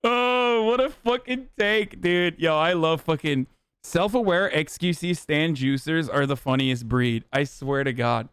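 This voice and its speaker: Smooth-voiced man ranting on a live stream. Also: on the high side, measured pace, fairly bright tone, no room sound. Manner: profane, blunt, reacting to chat with sarcasm. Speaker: livestream host. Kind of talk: casual live-stream commentary.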